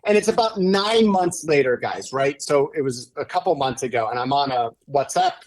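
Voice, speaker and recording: A man guesting on a podcast, telling a story in an animated, excitable way as an author and speaker. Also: mid-range voice, normal speed. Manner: energetic and excitable, building up with enthusiasm. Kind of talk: animated storytelling in casual conversation.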